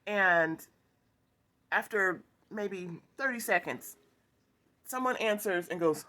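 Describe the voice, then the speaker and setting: A woman vlogger telling a long, rambling story in a casual, chatty way, with quick asides and laughter. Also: mid-range voice, animated, bright, forceful tone.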